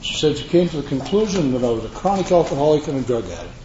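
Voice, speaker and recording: Older man, mellow and slightly high voice, earnest rambling testimony, dull lo-fi room recording. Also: sing-song, quick pace. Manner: rambling, earnest storytelling with folksy asides. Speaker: recovery meeting speaker. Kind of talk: personal testimony to a live audience. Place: meeting room with an audience. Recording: echoey room, dull lo-fi sound, faint hiss.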